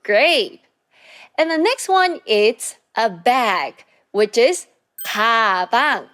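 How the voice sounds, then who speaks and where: Woman teacher for a lesson video, unhurried and clearly articulated, with a lively pitch. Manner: slow, clear teaching with repeated drills. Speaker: Korean language teacher. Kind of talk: scripted language lesson.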